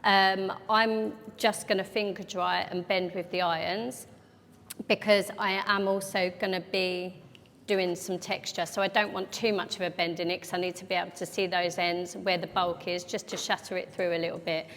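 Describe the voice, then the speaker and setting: A woman's voice: fairly low pitch, level tone, normal speed, a bit bright. Woman explaining a haircut. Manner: practical, explaining steps as she works. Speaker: hairdresser educator. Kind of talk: live haircut demonstration. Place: large event hall. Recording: echoey hall with faint background noise.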